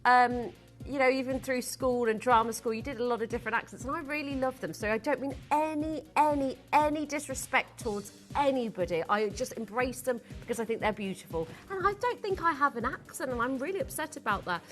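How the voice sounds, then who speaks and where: A woman's voice: high voice, brisk, a bit bright, faint music behind. A young adult woman presenting on live shopping TV in a studio, gushing and theatrical.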